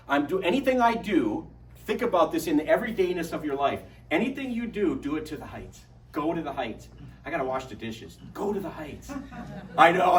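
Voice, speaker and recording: A middle-aged man gives a lively parish talk, joking and telling stories to the room. His voice is a little high for a man and sounds echoey and distant, picked up from across a hall with faint background hiss. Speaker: adult formation speaker.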